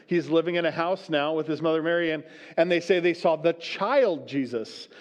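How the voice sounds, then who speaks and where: High-voiced male pastor preaching. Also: normal speed. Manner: conversational, often asks the room "right?"; reads scripture aloud, then explains it plainly. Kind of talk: sermon.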